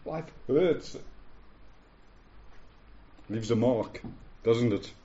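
A man in his forties delivers a sermon in a warm, relaxed voice, pressing his points by repeating them and asking his listeners "yeah?". The recording is dull and lo-fi. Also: mid-range voice, extremely slow. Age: 40s. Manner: emphatic, repeats phrases, asks the room "yeah?". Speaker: pastor. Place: church hall with a live congregation.

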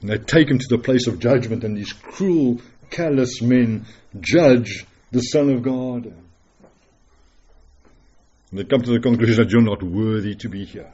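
A man preaching a dramatic, earnest sermon full of rhetorical questions, swinging between loud declarations and hushed words. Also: mid-range voice, measured pace, slightly rough, muffled recording.

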